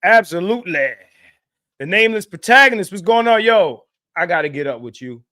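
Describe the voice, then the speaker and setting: A man's voice: high voice, lively intonation, a little fast. A brash, profane man with a New York accent hosting a livestream, greeting viewers in chat. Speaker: livestream host. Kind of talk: casual livestream monologue. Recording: loud music behind the voice. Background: loud music.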